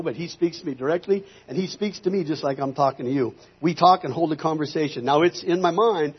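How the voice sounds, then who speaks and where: A man preaches from the pulpit, recounting his own story and voicing his pleas to God with rising urgency. His voice is a little high and husky. The recording sounds muffled and lo-fi. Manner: storytelling, acting out his prayers with raised voice. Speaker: pastor. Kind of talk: sermon testimony. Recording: dull lo-fi recording.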